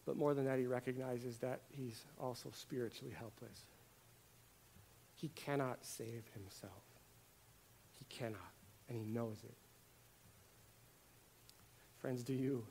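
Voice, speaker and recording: A man preaching a sermon, swinging between hushed, quiet lines and loud, emphatic ones, often repeating words for emphasis. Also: mid-range voice, steady tone, slow pace, vocal fry, long pauses, slight background noise.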